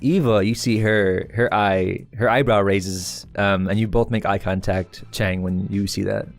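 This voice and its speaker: A low-voiced man runs a tabletop game, narrating the scene and chuckling between lines. He slips into quick voices for the people around the players. Faint music plays behind him. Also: steady tone, vocal fry. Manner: laughing often, voicing side characters in brief bursts. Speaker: game master.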